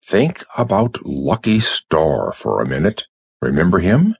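Jittery, befuddled bureau boss, deep husky voice, slow, read by a man. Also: wildly swooping pitch, darkish tone, no echo, clean studio sound, heavily acted. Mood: stern. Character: nervous, muddled male FBI chief.

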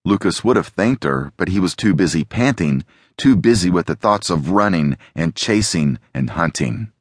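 A man reading a novel aloud as an audiobook narrator, in a steady, even storytelling manner. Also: low voice, normal speed, dry recording, clean studio sound.

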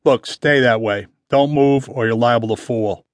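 A calm, steady private eye speaks tersely and evenly in a middle-range male voice, as an audiobook narrator plays him. The sound is dry and close. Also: mid-range voice, normal speed, no room sound, close to an everyday voice.

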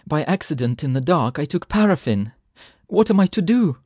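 A man's voice: on the high side, very animated, moderate pace, darkish tone, breathy edge, no echo, pitched above the performer's own voice. A man voicing a frightened man who moans and stammers breathlessly, begging for help. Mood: moaning, pleading. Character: panicked, pleading frightened man.

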